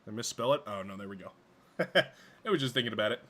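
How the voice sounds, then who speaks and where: A man's voice: lowish voice, animated, fast talker, fairly bright tone, slight background noise. A man streaming a video game live, chatting casually and rambling, often stumbling over his own words.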